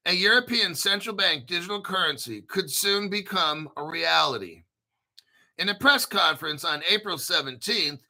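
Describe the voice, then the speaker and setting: Loud brash american dude, gravelly and bright, cussing a lot and clearing his throat. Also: high voice, animated, normal speed. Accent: General American. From United States. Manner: brash, profane, joking asides, frequent throat clearing. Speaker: crypto video host. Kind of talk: casual commentary reading articles.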